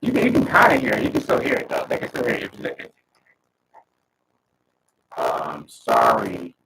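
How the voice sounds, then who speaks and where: A man's voice: low-pitched, huge pitch swings, normal speed, gravelly, far from the mic, noisy background. A man hosting a casual chat through a robot voice filter, slangy and emphatic. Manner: slangy, emphatic, preachy asides. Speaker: host.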